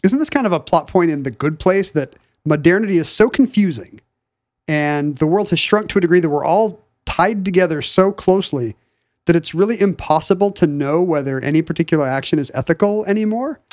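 A man co-hosting a podcast, riffing quickly and wryly in casual chat. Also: on the high side, expressive, a little mellow, no room sound, clean studio sound. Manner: quick, wry, talkative riffing. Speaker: podcast co-host.

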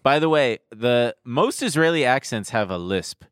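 A man's voice: mid-range voice, animated, moderate pace, clean tone, no room sound, studio quality. A man co-hosting a podcast in casual chat, rambling and sarcastic with some swearing. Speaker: podcast co-host.

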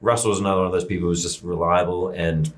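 A man's voice: low-pitched, level tone, quick pace. A man with a New Zealand accent, a film director guest in a casual interview, talking in a loose, rambling way full of fillers.

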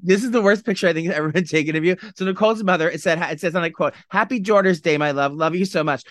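A man's voice: high voice, a bit bright, a little hiss or hum. A man co-hosting a podcast, chatting casually in a gossipy, dramatic way. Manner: gossipy, dramatic, quick-talking. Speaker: podcast co-host. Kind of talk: casual chat.

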